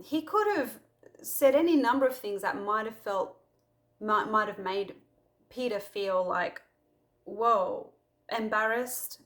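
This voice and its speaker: A woman's voice: medium pitch, fairly bright tone. A woman hosting a casual Christian talk to camera, telling personal stories in a chatty way with lots of fillers. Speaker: Christian video host.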